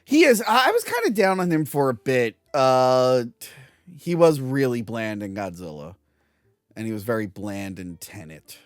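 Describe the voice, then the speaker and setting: Brief: lively, ranting co-host, big swings in pitch, close dry mic. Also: dry recording. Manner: animated, ranting, quick to laugh. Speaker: podcast co-host. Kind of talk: casual movie review chat.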